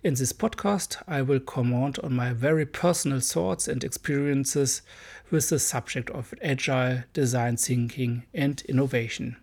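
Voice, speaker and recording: A man's voice: medium pitch, moderate pace, vocal fry, a little mellow. A man with a German accent hosting his own solo podcast, speaking in earnest, careful English that is not his first language. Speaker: podcast host.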